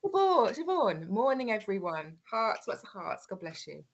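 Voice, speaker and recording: A woman's voice: mid-range voice, very animated, moderate pace. A woman co-hosting a casual online show, giggly and bubbly as she greets viewers by name. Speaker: co-host. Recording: lo-fi online stream audio.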